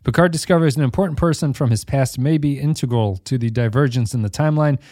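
A man's voice: mid-range voice, quick pace, dark tone, no echo, studio quality. A man hosting a casual podcast discussion, joking and laughing often as he talks. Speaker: podcast host.

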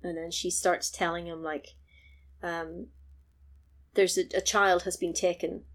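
Animated woman retelling a film. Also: on the low side, a little slow. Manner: animated storytelling, mimics characters, swears freely. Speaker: podcast co-host. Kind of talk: casual film recap chat.

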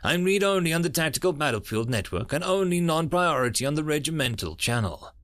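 Brief: polite, soft-spoken female AI voiced by a man, raised pitch, lively tone. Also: fairly quick, dry recording, studio quality. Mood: pleasant. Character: pleasant, soft-spoken female war-machine AI.

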